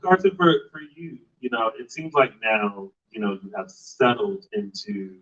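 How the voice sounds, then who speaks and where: Male host, casual interview, halting with fillers, far from the mic, muffled sound. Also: fairly low pitch, expressive, a bit bright. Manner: halting, full of "you know" fillers. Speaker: podcast host interviewing guests. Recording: muffled live stream audio, distant mic.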